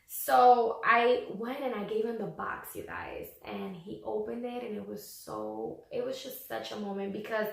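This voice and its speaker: A young woman vlogging casually, telling a personal story in a chatty, animated way and acting out what people said. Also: a little high, moderate pace, vocal fry, hardly any pauses. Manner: chatty, animated, acts out quoted voices. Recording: echoey room.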